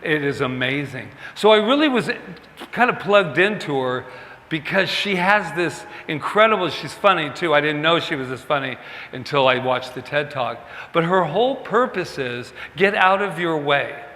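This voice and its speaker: A man's voice: on the high side, lively intonation, moderate pace, pushed and bright. A male minister giving a conversational, self-mocking sermon, acting out quoted dialogue as he goes. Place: church sanctuary. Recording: long hall reverb.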